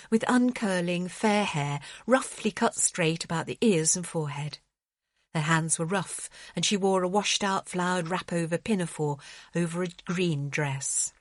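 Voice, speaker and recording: Expressive woman narrating an audiobook. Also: lowish voice, no room sound. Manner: expressive storytelling.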